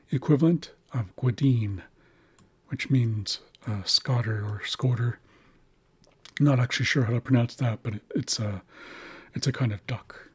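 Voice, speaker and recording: A man narrating a screen-share lesson, carefully explaining writing systems and slowly sounding out example words. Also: mid-range voice, a little mellow, breathy edge. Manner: careful, slow spelling-out of words. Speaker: language teacher.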